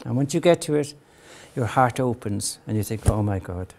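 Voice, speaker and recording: An older man giving an earnest talk on parenting as a psychologist. He often tags his points with a questioning "right?" and acts out parents' voices at a higher pitch. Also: expressive, moderate pace, creaky, a little mellow. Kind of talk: lecture to parents.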